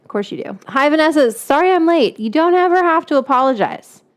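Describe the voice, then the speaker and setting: A woman's voice: high voice, lively intonation, fairly quick. Chatty, playful woman hosting a cooking stream. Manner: playful, chatty, self-mocking. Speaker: cooking show host. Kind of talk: casual livestream cooking chat. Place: home kitchen.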